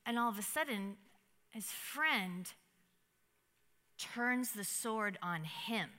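Bright, chatty woman teaching a Bible study. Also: mid-range voice, slow. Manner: chatty and animated, with many fillers and restarts. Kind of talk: spoken devotional teaching. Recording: long hall reverb.

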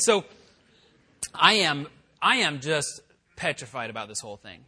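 A man preaching, telling a personal story in a chatty, animated way and acting out the voices he quotes. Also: sits high, a little fast, slightly rough. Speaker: pastor. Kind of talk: sermon storytelling. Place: church worship center.

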